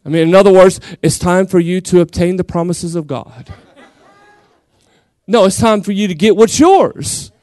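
A middle-aged man with a Southern accent preaching a lively Pentecostal sermon in church, shouting some lines and drawling others for the congregation. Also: high-pitched, moderate pace, dry recording. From Texas. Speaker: guest pastor.

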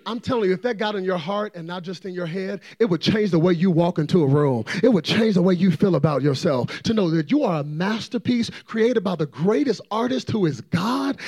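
A man preaching a fervent, playful sermon as a guest preacher, often swelling into shouts. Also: high voice.

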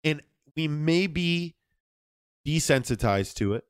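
A man's voice: fairly high pitch, lively intonation, slow pace, clean tone, dry recording. A man co-hosting a casual podcast. He jokes constantly and swears freely, in a voice that sounds a little tired in the throat. The sound is dry and close to the mic. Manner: profane, loose and joking. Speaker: podcast co-host.

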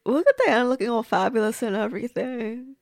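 Woman, movie reviewer, chatty watch-along reactions, exclaims at the screen, vocal fry, dry sound. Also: a little high, no room sound.

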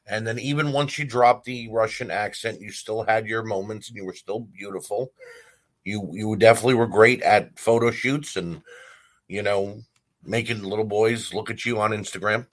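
A man's voice: on the low side, fairly bright tone. A man hosting a wrestling talk show, delivering a blunt, heated opinion rant with frequent fillers and restarts. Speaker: wrestling podcast host.

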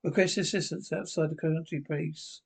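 A man's voice: fairly high pitch, fairly even intonation, moderate pace, creaky, breathy edge. Man retelling a drama in terse lines. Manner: terse, reading out sound cues. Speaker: narrator. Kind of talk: retelling a drama aloud, with sound cues.

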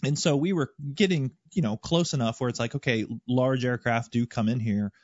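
A man's voice: mid-range voice, normal speed, no echo. A man and former pilot recounting a flight in a casual group interview, explaining carefully with stammered restarts. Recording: dry, dull lo-fi audio.

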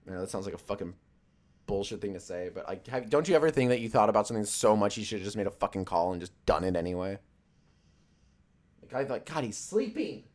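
A young man in a relaxed stream chat, his voice sitting a little low. He talks loosely and jokes around, swearing freely and drifting from one thought to the next with plenty of fillers. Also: fast. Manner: profane, loose and joking, with many fillers. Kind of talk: casual rambling chat.

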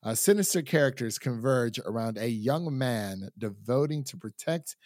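A man's voice: mid-range voice, lively intonation, moderate pace, darkish tone, dry recording, studio quality. Chatty young man hosting a podcast. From Ohio. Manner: chatty, laughs often, many fillers. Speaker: podcast host. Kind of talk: casual podcast chat.

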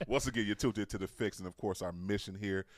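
Male DJ host, low and relaxed, close dry mic, joking chat. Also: fast talker, no room sound. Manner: laughs often, relaxed banter. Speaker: radio show host, DJ. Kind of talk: casual radio chat.

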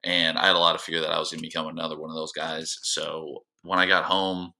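A young man in his twenties, a drafted ball player, telling his story as a guest in a relaxed, slangy way with lots of fillers. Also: very deep voice, fast talker, vocal fry. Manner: laid-back, filler-heavy, slangy. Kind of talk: casual storytelling interview.

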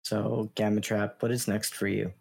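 Laid-back podcast host guy, low gravelly voice, teasing his cohost. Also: little pitch movement, normal speed, darkish tone. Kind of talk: casual chat.

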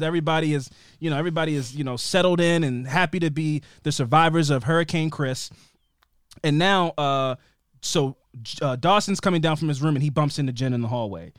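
A young adult man co-hosting a podcast, recapping a TV episode in an animated, rambling way. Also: on the high side, clean tone, no echo, clean studio sound. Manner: animated, rambling storyteller who acts out scenes. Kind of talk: casual recap chat.

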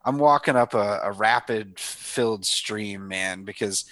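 A man's voice: fairly low pitch, unhurried, fairly bright tone, no room sound. A man in his thirties, a guest author talking casually and with enthusiasm in a podcast interview, often saying "man" and "dude". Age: 30s.

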